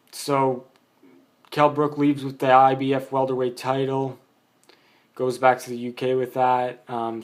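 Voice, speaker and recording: A man giving a casual, blunt boxing opinion monologue, rambling with many fillers. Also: mid-range voice. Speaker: boxing vlogger.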